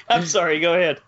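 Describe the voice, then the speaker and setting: A man cohosting a podcast in casual chat, reacting quickly and swearing freely. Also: on the high side, fairly bright tone. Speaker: podcast co-host. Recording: dull lo-fi sound.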